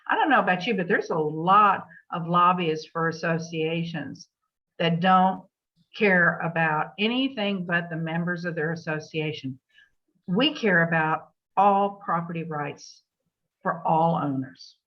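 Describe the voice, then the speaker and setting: A woman's voice: on the low side, measured pace. Plainspoken woman giving a legal briefing. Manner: plainspoken, with hesitations and emphatic asides. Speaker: legal update presenter for real estate agents. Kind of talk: briefing with answers to questions. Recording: dull lo-fi meeting recording.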